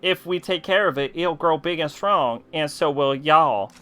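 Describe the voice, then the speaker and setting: A corny, overdone Southern drawl for a grateful rustic villager, put on by a man reading game dialogue. The tone rings bright and sharp, and the voice sounds smooth and crisp. It is played broadly for laughs. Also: fairly high pitch, a little slow, soft background music. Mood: hammy drawl. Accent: exaggerated fake Southern US drawl. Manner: hammy read-aloud of game dialogue.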